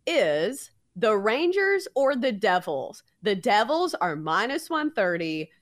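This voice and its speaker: A woman's voice: medium pitch, big pitch swings, slow pace. A woman co-host whose voice swoops up and down as she runs a betting game. She sounds playful and a little teasing. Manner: playful, sing-song game-show hype. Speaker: podcast co-host. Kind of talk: casual sports betting chat.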